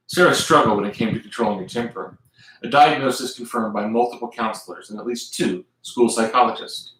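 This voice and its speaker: A man's voice: mid-range voice, brisk, very echoey, slight background noise, poor audio. A man with a Southern US accent reading aloud from his own book on a live stream, now and then stopping to chat with viewers. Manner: lively reader who stops to chat with viewers.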